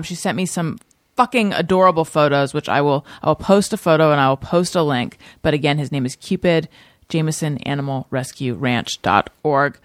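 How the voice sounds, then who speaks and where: A woman hosting a podcast in casual chat, chatty and swearing freely with quick laughs. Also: deep voice, no room sound, studio quality. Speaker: podcast host.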